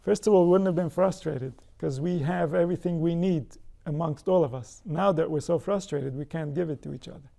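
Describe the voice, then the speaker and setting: A man's voice: a little high, vocal fry, mellow. A man giving a spiritual Torah lecture, posing rhetorical questions and answering them himself. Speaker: spiritual teacher.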